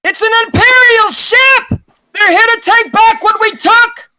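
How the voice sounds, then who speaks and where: A man voicing a panicked crewmate on a ship who yells an alarm. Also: very high-pitched, a little slow, no room sound, voice pushed up, exaggerated voice. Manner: frantic yelling.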